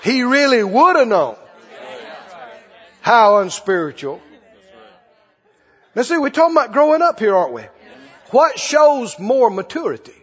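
Animated older preacher in an echoey hall. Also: male voice, extremely high pitch, breathy edge. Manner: animated, folksy, shifts from quiet to hollering. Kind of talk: sermon with storytelling. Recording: dull echoey hall recording.

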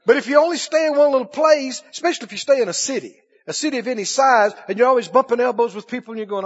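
A man preaching a sermon emphatically, repeating phrases and rising into shouts. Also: extremely high pitch, racing, few pauses. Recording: dull lo-fi recording.

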